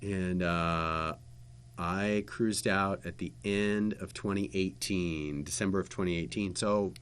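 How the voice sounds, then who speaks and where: A man's voice: sits low, fairly even intonation, slow, fairly bright tone, slight background noise. A man who used to host local TV, telling a long story in a casual chat with fillers and restarts. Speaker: guest, former TV host.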